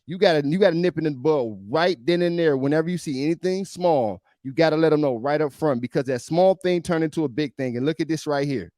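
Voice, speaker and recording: A man's voice: a little high, quick pace, few pauses, warm tone, no echo, studio quality. A male podcast host giving emphatic, preachy reaction commentary on a video, often repeating himself.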